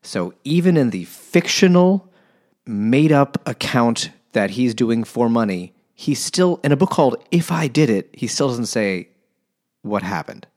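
A man's voice: mid-range voice, very animated, measured pace, a little mellow. A man co-hosting a comedic book podcast, talking casually in an exasperated way, often trailing off and starting over. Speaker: podcast co-host.

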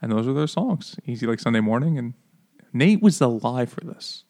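A man's voice: mid-range voice, lively intonation, normal speed, mellow. Joking, profane podcast co-host man. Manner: joking, profane, laughs often. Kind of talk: casual chat over beers.

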